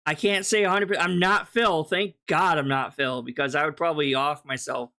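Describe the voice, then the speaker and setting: A man's voice: a little high, steady tone, normal speed, sharp tone. A man streaming a reaction to a video, talking casually, bluntly and mockingly, swearing often.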